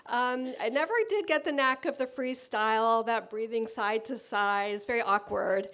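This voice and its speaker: A woman telling a story on stage before a live audience, with a dry, deadpan manner. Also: a little high, moderate pace, hardly any pauses.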